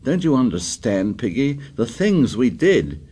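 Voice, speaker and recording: A man voicing a shaken, haunted teenage boy who speaks low and quietly. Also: sing-song, measured pace, husky. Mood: stricken.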